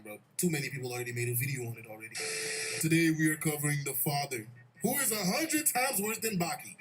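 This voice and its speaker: Animated young man recapping anime. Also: sits high. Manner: slangy, animated, laughing at his own story. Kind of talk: casual storytelling commentary.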